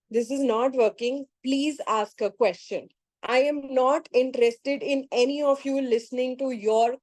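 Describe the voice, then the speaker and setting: Woman facilitator on a call, high voice, dry sound, firm and insistent, kinda scolding. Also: a little mellow, no room sound, poor audio. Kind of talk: group call talk.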